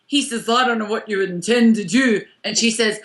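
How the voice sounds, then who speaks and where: High, bright, wry woman co-host. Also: moderate pace. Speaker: podcast co-host. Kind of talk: casual recap chat.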